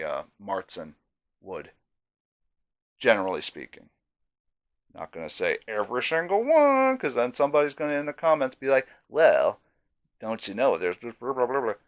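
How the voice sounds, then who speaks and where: A man's voice: on the low side, fairly bright tone. A man casually reviewing a beer on camera, chatty and self-deprecating, with savoring asides.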